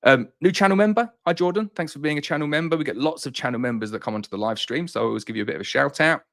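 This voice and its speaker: A man's voice: on the high side, racing, creaky, fairly bright tone. A man who runs a beekeeping business, answering viewer questions in a casual live-stream chat, slightly out of breath and reassuring in manner. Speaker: beekeeper and honey business owner hosting a live Q&A.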